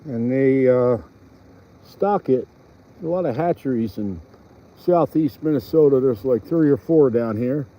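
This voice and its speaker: A man's voice: mid-range voice, a little slow, mellow, low-quality recording. A man chatting casually on a fishing vlog by a pond, rambling with fillers. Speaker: fishing vlogger. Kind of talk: casual outdoor vlog narration. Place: outdoors by a pond.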